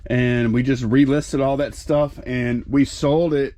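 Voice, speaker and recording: A middle-aged man co-hosting a reseller video, chatting in a relaxed, rambling way with side remarks. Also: mid-range voice, unhurried. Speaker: reseller co-host. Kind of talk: casual chat.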